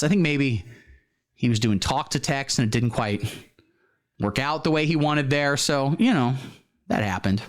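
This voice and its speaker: A man hosts a satirical comedy show, reacting in a deadpan, mock-earnest tone while playing naive. His voice sits a little high, and his pitch moves around a lot. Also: unhurried, long pauses. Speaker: comedy host. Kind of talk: satirical mock-serious commentary.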